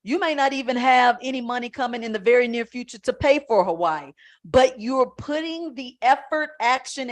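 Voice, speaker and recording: Teaching over a live stream, this spiritual coach has a voice on the high side. Her delivery is conversational yet emphatic, rising to loud moments now and then.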